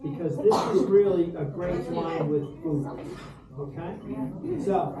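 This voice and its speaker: High-voiced man telling a dinner story. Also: a little slow, crowd noise. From Rhode Island, USA. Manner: humorous anecdotal storyteller, many fillers. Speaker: host giving a dinner toast. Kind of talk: storytelling toast to dinner guests. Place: restaurant dining room. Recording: roomy echo from far off, background noise.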